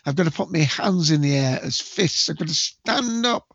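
A man hosting a casual movie quiz, chatty and jokey, with bursts of loud quote acting. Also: on the high side, brisk, vocal fry, breathy edge, dry recording. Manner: chatty, jokey, self-mocking, acts out movie quotes loudly. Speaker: quiz host. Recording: dull lo-fi dry home recording.

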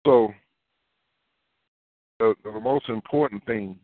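Man, preacher, conversational sermon, repeats himself, low voice, phone-like sound. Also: no room sound. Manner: conversational preaching with repeated phrases and folksy asides. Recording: dry, phone-like narrow sound.

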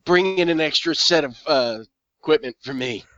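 A man's voice: fairly high pitch, moderate pace, a bit bright, no room sound, close to an everyday voice. A man playing a cocky swaggering agent. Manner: swaggering, brushes off threats. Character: brash cocky male agent, self-styled badass. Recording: dull lo-fi sound.

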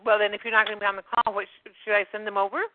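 A woman's voice: medium pitch, flat delivery, very fast, no room sound. A woman hosting a community call, chatting casually and laughing often between remarks. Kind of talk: casual phone chat. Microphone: phone. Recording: thin phone line.

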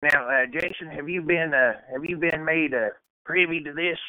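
A man runs a music quiz on a podcast, joking, with hesitant drawn-out patter. His voice sits a bit high. The sound is dry and thin like a phone line. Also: no echo. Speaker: podcast host. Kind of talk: casual chat, game-show hosting.

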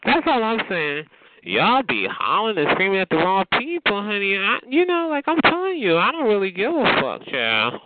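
A man's voice: high voice, huge pitch swings, normal speed. A man hosting a radio call-in show, taunting callers in a camp, profane, mocking way and calling them honey and child. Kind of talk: sassy call-in banter. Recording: tinny phone-line radio audio with faint hiss.

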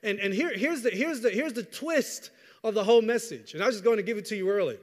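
High-voiced preacher in a reverberant hall. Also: male voice, quick pace. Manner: lively, conversational preaching with repetitions and asides. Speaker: pastor. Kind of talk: sermon.

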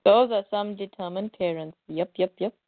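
A woman co-hosting a casual chat, chatty and quick to chime in. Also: medium pitch, no echo. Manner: slow, chatty, with interjections. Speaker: comics podcast co-host. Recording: tinny phone-like line, dry.

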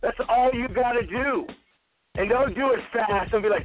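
A man's voice: very high-pitched, moderate pace. A man hosting a live stream radio show, swearing nonstop in an angry rant while drinking. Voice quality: heavy swearing, combative. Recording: tinny phone-like line, faint music.

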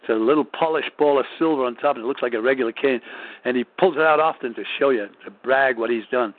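A man's voice: medium pitch, fast. A man rambling through a profane, casual story with lots of swearing and restarts. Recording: tinny phone-like audio.

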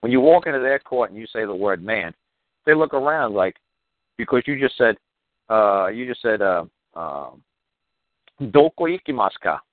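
A man's voice: fairly low pitch, lively intonation, moderate pace, no room sound. A man talking on a call-in radio show, explaining legal matters in a blunt, exasperated, repetitive way, with some cursing. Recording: tinny phone line, dry.

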